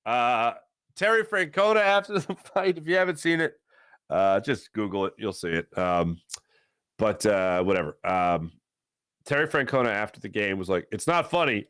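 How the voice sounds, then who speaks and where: Guy hosting a sports talk stream, voice jumping around a lot, bright edge, dry close mic. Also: normal speed, smooth, no echo. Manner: animated, rambling, swings between low asides and loud bursts. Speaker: sports show host. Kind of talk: live-streamed sports talk, reading chat.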